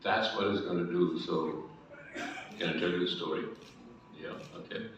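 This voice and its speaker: A man's voice: sits low, normal speed, a little hiss or hum. Man telling a story in an echoey hall. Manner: storytelling, mixing Hindi phrases. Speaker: panelist. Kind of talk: conference panel talk with anecdote. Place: large hall. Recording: echoey hall, distant dull mic.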